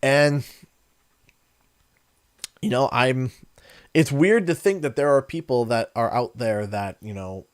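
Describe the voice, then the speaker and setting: A young man with a Canadian accent talks to his livestream audience at a middle pitch. He rambles in a friendly way, loops back on himself, and tells stories in a casual, chatty tone. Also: slow pace, long pauses, clear, resonant tone. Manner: rambling, friendly storyteller who acts out quotes. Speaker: gaming streamer.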